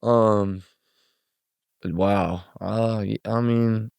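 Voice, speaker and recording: A young man from Missouri tells a wild story as an interview guest, voicing the people in it and swearing freely. His voice sits low, and the recording is dry and close with no room sound. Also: extremely slow, creaky, clean tone, no room sound. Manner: animated storyteller acting out quotes, swearing freely. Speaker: guest musician.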